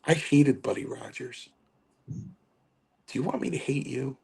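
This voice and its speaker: A gruff old wrestling veteran, as a man imitates him, scolding a latecomer in slow, halting words. The voice sits noticeably higher than the storyteller's own. It sounds like a stern mentor who is fond of the young man he lectures. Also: a little mellow, full character voice.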